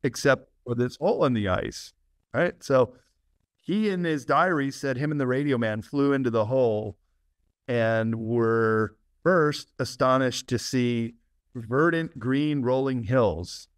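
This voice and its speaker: A man's voice: mid-range voice, measured pace, clean tone, dry recording, clean studio sound. Enthusiastic man telling a long story. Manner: enthusiastic, laughs often, steady explaining. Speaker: guest author. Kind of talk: podcast interview storytelling.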